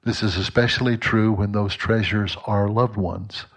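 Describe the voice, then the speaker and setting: A man gives a devotional reflection at a measured pace. His voice is low and his reading is earnest. He reads the quoted passages with care. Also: steady tone, slightly rough. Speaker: devotional speaker.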